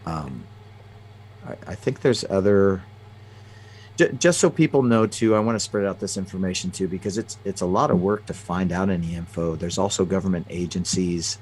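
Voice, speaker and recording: A man's voice: sits low, a little mellow, breathy edge. A man, a guest in an interview, telling personal stories with many restarts and fillers. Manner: halting, frequent restarts and fillers. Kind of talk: conversational storytelling.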